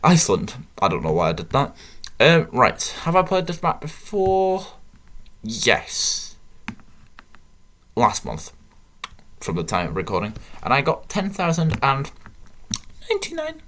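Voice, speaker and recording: A man's voice: mid-range voice, wildly swooping pitch, measured pace, long pauses, a bit bright, a little hiss or hum. A British man giving casual, rambling gameplay commentary with self-mocking jokes. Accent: British English. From Britain. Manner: chatty, rambling, self-mocking, jokey asides. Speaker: gaming channel host.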